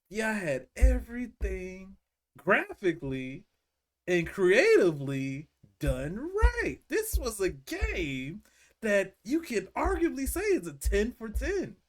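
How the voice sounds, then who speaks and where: A man hosting a casual live-stream talk show, talking in an unhurried, laid-back way. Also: sits high.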